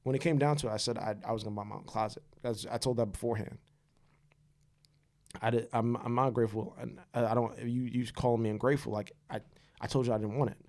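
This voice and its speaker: A man's voice: mid-range voice, steady tone, a little mellow. A young man co-hosting a podcast, telling a personal story in casual chat. He talks straightforwardly and acts out the lines of the people in his story. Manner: fast, straightforward storytelling, acts out quoted dialogue. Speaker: podcast co-host.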